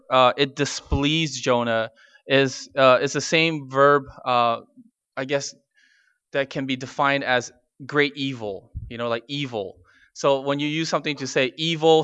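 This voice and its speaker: A man preaching a sermon, talking casually with many fillers and restarts and slowing down to stress key words. His voice is smooth and resonant, recorded close and dry. The sound is somewhat dull and muffled. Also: medium pitch, pushed and bright, dry recording. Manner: conversational, with frequent fillers and restarts. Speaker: pastor.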